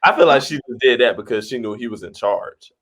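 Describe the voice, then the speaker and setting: A man co-hosting a podcast, thinking aloud in a relaxed, casual chat. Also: mid-range voice, fairly quick. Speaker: podcast co-host.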